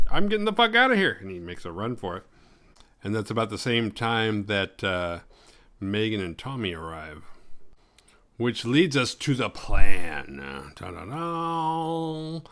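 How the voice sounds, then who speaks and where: A man's voice: on the low side, fairly bright tone. A man hosting a horror movie podcast, retelling the plot in a rambling, jokey way with crude humor. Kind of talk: casual film recap.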